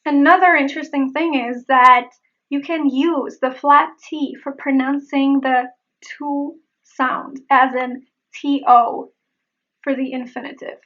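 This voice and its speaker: High, bright-voiced woman accent coach. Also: steady tone, muffled recording. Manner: repeats example words slowly and carefully. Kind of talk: pronunciation lesson.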